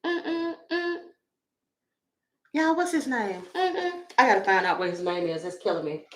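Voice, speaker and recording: A woman's voice: on the high side, expressive, unhurried, rough recording. A woman reading tarot on a casual livestream, blunt and profane, laughing often as she talks to her viewers. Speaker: tarot reader.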